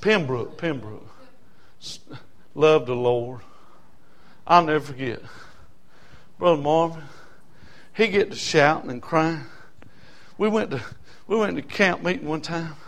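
A man preaching a storytelling sermon, dropping to hushed asides and rising to shouted hollers. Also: fairly high pitch, measured pace, long pauses.

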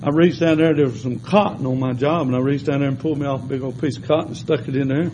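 A man preaching a sermon in a folksy storytelling way, shifting between loud exhortation and quiet asides. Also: mid-range voice, fairly even intonation, fast talker, a little hiss or hum, poor audio.

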